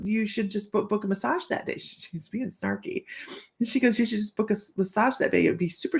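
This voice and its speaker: A woman's voice: a little high, gravelly. A middle-aged woman hosting a psychic livestream, telling stories casually, laughing often and acting out the voices she quotes. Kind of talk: casual chatty livestream storytelling.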